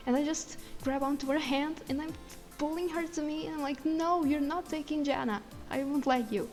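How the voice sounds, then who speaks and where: A woman content creator casually telling the story of a dream, excited and tumbling, acting out what she said in it. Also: a little high, slight background noise. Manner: excited, tumbling retelling with quoted inner speech. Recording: long reverb with faint music.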